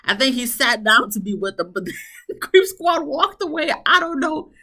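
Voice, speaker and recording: A woman casually recapping a TV episode, chatty and animated, with sarcastic asides. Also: moderate pace. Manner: chatty, animated, mock-quotes people with big pitch swings. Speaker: TV show reviewer.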